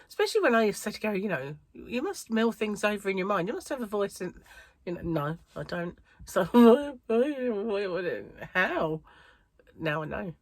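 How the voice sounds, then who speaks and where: Speaking to her viewers in a relaxed, meandering way, this British crochet vlogger fills her talk with fillers and laughs often. Her fairly low-pitched voice is slightly breathless, and the recording has no echo.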